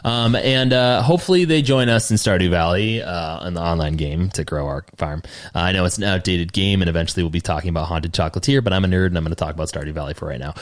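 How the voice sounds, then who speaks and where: A man's voice: sits low, fast, hardly any pauses. A man co-hosting a casual podcast, rambling with lots of fillers and restarts. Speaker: podcast co-host.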